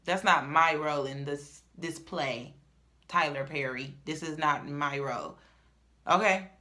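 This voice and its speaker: A woman's voice: sits low, a little slow. A young woman, telling a personal story in a casual, dramatic vlog. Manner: chatty, dramatic, swings from loud to murmured.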